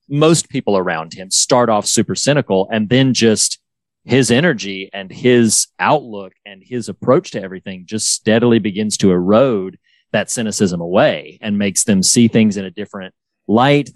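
A man's voice: fairly low pitch, a little mellow, dry recording. A man co-hosting a podcast in casual chat, eagerly retelling favourite scenes and quoting lines. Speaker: podcast co-host.

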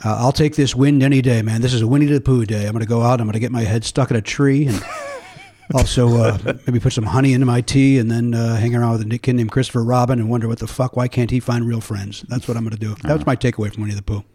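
A man's voice: medium pitch, steady tone, fast, warm tone. A middle-aged man hosting a podcast, chatting casually and rambling with sarcastic, profane asides. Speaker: podcast host. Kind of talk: casual chat.

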